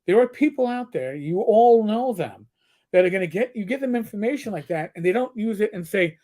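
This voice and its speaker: Animated and talking a little fast, a middle-aged ex-cop shares profane, blunt stories while co-hosting a casual livestream. He has a high voice with a dark tone.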